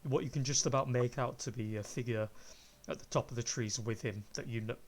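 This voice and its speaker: A man running a tabletop game as game master, describing the scene at an unhurried pace. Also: medium pitch.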